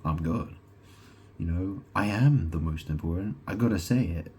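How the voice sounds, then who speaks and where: A man's voice: sits low, moderate pace, dark tone, slightly rough. A man talking straight to camera in a rambling monologue, swearing freely, repeating himself, breaking off and restarting, and firing rhetorical questions at the listener. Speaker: self-proclaimed god vlogger.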